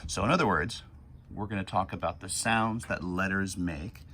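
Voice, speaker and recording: A man's voice: sits low, moderate pace, pushed and bright, husky. A man teaching a recorded phonics lesson for young children, patiently sounding out words letter by letter.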